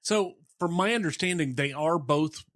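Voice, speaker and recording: A man's voice: a little high, moderate pace, fairly bright tone, dry recording, studio quality. A man with an Oklahoman accent co-hosting a podcast, telling laid-back stories in casual banter. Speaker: co-host.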